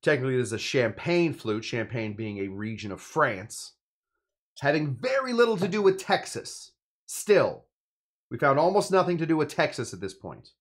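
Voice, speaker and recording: A man's voice: mid-range voice, sing-song, normal speed. Rambling, jokey male cocktail host. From California. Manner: rambling, jokey, playful asides. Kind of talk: casual cocktail-making demo.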